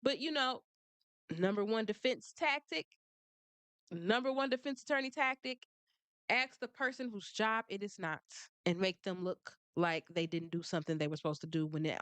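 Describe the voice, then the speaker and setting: A woman's voice: mid-range voice, sing-song, normal speed, a bit bright, dry recording. A woman giving blunt, sassy commentary on a trial, laughing often. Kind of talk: casual commentary.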